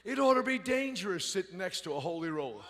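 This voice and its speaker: High-pitched shouting preacher man. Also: big pitch swings, quick pace, heavy background noise. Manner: shouting, whooping, folksy and rousing. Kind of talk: fiery revival sermon. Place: church sanctuary.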